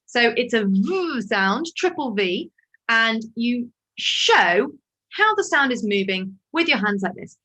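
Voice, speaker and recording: Woman choir leader on a video call: bright voice, lively swooping delivery, encouraging warm-up coaching. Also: a little high, slow. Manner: encouraging, demonstrates vocal calls and sighs.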